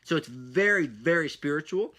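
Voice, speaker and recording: A man hosting a solo podcast, talking in an energetic, rambling way with punchy asides and a slightly breathless edge. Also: on the high side, normal speed. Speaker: podcast host.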